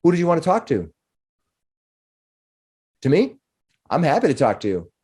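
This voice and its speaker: A man's voice: on the high side, wildly swooping pitch, normal speed, darkish tone, breathy edge, voice pushed up, full character voice. A man voicing a friendly, eager male town clerk who talks a little flustered.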